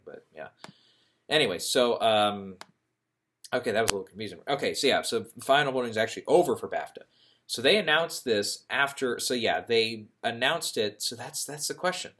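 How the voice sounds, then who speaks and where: A man's voice: on the low side, fairly bright tone. A young man talking casually about awards predictions, rambling and often correcting himself with fillers. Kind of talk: casual thinking-aloud commentary.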